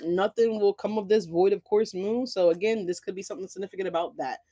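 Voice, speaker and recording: A woman's voice: medium pitch, darkish tone. Chatty, salty-tongued woman tarot reader. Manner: chatty, profane, rhetorical "right?" asides. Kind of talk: casual tarot reading.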